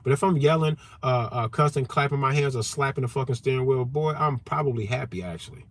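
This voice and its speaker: A man hosting a livestream rant from his car, loud and animated, cussing heavily and repeating himself to drive points home. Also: mid-range voice, fairly quick. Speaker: channel host.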